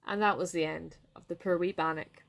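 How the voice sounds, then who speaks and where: A woman with a Scottish accent narrating a folk tale aloud in a lively storytelling manner. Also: fairly low pitch, brisk, creaky, slight background noise. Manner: lively read-aloud with voiced dialogue.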